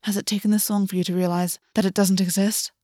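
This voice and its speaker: A woman's voice: medium pitch, level tone, fast, warm tone, dry recording, clean studio sound, close to an everyday voice. A woman reading aloud and voicing a scheming, petty male fae lord who talks persuasively. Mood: urgent.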